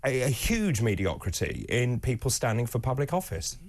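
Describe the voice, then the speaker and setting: A man hosting a morning talk radio show, with a mid-pitched, even speaking voice. He moves briskly between his guest, the listeners' messages and direct questions to the audience. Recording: broadcast studio.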